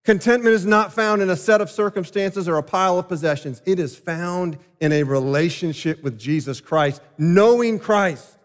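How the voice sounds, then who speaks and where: A male pastor delivering a sermon, emphatic and swinging between loud and quiet passages. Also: sits high, moderate pace, few pauses. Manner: emphatic, rising and falling delivery. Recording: long hall reverb.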